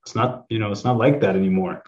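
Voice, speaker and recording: A low-voiced man from the East Coast co-hosts a podcast, explaining points at length with hesitant fillers. The recording sounds dull and lo-fi. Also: steady tone, quick pace, a little mellow. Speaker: podcast co-host. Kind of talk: casual podcast chat.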